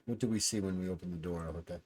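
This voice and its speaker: A man's voice: low voice, racing, darkish tone. A man in a tabletop role-playing game, asking questions in a casual way.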